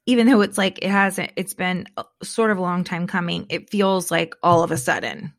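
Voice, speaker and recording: A woman hosting a podcast, telling stories in a rambling, animated way and acting out what people said. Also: fairly low pitch, normal speed. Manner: rambling, animated storyteller who acts out quotes. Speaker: podcast host. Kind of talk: casual chat.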